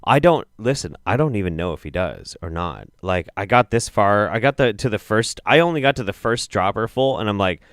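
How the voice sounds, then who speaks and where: A young man hosting a comedy roundup show, talking in a lowish voice that leaps wildly up and down in pitch. He swears freely and sounds exasperated, jumping from mutters to outbursts. The sound is close and dry, with no room around it. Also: expressive, fairly quick, few pauses, a bit bright, no echo. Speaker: show host. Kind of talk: profane comedic video commentary.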